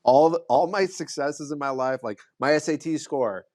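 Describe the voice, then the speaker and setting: A man's voice: a little high, moderate pace, a little mellow, no echo, studio quality. A man who is a podcast guest, in casual conversation, telling an earnest story with frequent restarts.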